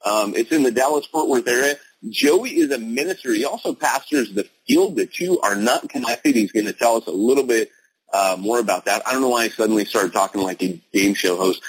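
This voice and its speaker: Husky, animated joking podcast host. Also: male voice, on the low side, brisk, no room sound, low-quality recording. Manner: jokey, rambling, self-mocking. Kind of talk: casual podcast chat.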